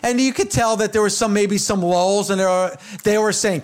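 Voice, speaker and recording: High-voiced man telling an emphatic story. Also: steady tone, moderate pace. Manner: emphatic storyteller, acts out quotes. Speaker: co-host. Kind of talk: casual chat.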